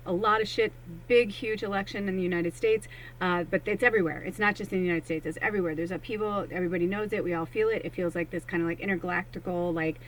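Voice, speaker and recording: A woman's voice: lowish voice, steady tone, fast, slight background noise, rough recording. A woman working as a psychic medium, talking casually and animatedly to viewers during a card reading. She swears freely and acts out her own thoughts in quoted asides.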